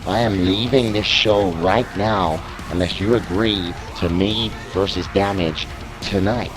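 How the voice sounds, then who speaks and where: British man reading a forceful, stubborn wrestler with a low voice. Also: unhurried, music in the background. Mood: demanding. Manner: demanding, forceful. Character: determined, hot-headed male wrestler.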